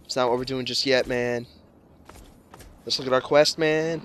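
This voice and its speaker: A man's voice: medium pitch, fairly even intonation, moderate pace, a bit bright, a little hiss or hum. A man casually commenting on gameplay, jokey and rambling with lots of swearing. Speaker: let's play host.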